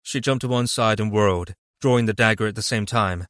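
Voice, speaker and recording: A man narrating a fantasy audiobook in a steady, even reading voice. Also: on the low side, brisk, no room sound, clean studio sound. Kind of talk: scripted narration.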